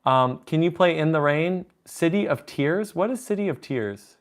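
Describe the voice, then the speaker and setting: A little high and expressive, the pianist's voice moves at a moderate pace as he chats on his live stream. Taking requests, he reads the chat aloud and adds jokey asides, with piano in the background.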